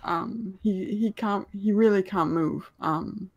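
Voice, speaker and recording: A woman's voice: medium pitch, slow pace, breathy edge, muffled recording. A woman running a tabletop game as game master, narrating scenes in a hesitant way with many ums.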